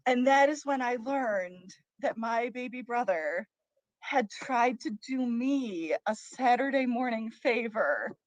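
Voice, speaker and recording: A young woman who is a teen librarian and co-hosts a talk show, chatting casually and telling a story in an animated, self-interrupting way, laughing as she goes. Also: on the high side, slow, no room sound. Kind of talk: casual chat and playful storytelling.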